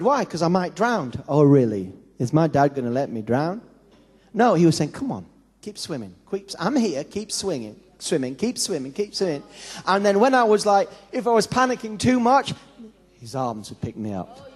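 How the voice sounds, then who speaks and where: A high-pitched man preaches a sermon in an easy, conversational way. He slips into little acted-out quotes as he goes. His voice rings with a long reverb from the hall around him. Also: darkish tone. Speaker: pastor.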